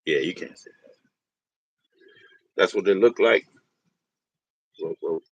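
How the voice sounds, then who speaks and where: A man's voice: deep voice, slow pace, slightly rough, no room sound. A man hosting a livestream in casual chat, rambling and profane, laughing often and talking straight to his viewers. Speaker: livestream host.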